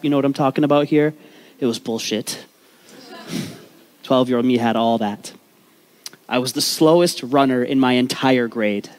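A Vancouver native delivers his life story to an audience as stand-up-style comedy, frank and full of profanity, with jokey asides to the crowd. His medium-pitched voice has a slightly mellow quality.

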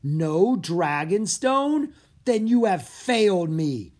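A reader voicing a cold, menacing grown-man emperor in a children's audiobook, slow and commanding. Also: medium pitch, very animated, a little mellow, husky, pitched above the performer's own voice, exaggerated voice.

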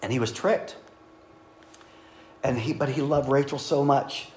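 A man's voice: mid-range voice, a little slow, a little mellow, slight background noise. A man preaching a sermon at a microphone in a conversational way, with joking asides. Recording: echoey room.

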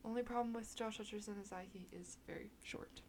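A woman's voice: mid-range voice, steady tone, a little fast, a little hiss or hum. A young woman co-hosting a podcast, chatting casually in a playful, giggly way. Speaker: podcast co-host. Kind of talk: casual chat.

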